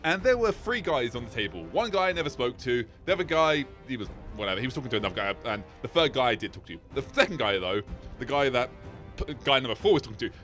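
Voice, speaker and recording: A man hosting an anime explainer video ad-libs off his script, going on tangents and laughing often as he talks, his pitch swinging animatedly. He speaks quickly over soft background music in this rambling commentary.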